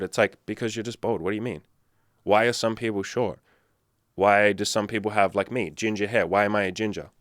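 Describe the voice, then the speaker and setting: Aussie-sounding guy, lowish voice, blunt and sweary, dry close sound. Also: a bit bright, no room sound. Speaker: dating coach. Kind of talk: casual commentary to camera.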